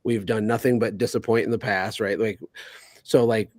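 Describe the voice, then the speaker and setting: A man on a podcast as a guest, talking over his phone in a casual chat, energetic and sarcastic. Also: lowish voice, no room sound. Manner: sarcastic, energetic, rapid asides. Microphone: phone on a call.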